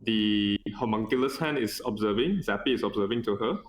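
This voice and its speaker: A man's voice: fairly low pitch, brisk, echoey room, slight background noise. A man playing in an online tabletop game, eagerly speaking as his character. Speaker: player. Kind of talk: casual tabletop game play.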